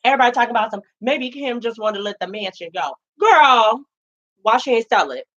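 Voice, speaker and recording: A woman in her late twenties, co-hosting a casual gossip chat, sassy and animated, calling everyone "girl" and "honey". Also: fairly high pitch, brisk, dull audio. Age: late 20s. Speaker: co-host.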